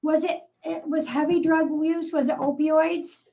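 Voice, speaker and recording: Gravelly high-voiced woman medium. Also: fairly even intonation, unhurried, warm tone, highs cut off. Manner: probing questions, calls the sitter darling and sweetheart. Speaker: psychic medium. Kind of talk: live reading.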